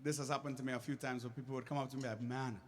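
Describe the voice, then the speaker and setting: A man's voice: mid-range voice, little pitch movement, very fast, a little hiss or hum. A man with a Caribbean English accent, a touring musician chatting and joking with a live audience between songs, laughing often at his own self-deprecating jokes.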